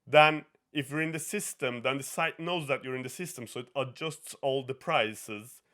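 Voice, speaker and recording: A young man with a Norwegian accent, hosting a podcast and telling an animated story, swearing and laughing often as he acts out what people said. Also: medium pitch, normal speed. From Norway. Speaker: podcast host. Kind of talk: casual chat, storytelling.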